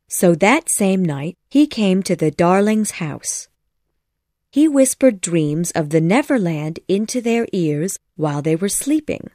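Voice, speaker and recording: A woman narrating a children's story audiobook in a measured, clear storytelling manner. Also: lowish voice, mellow, no echo, clean studio sound. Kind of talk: scripted narration.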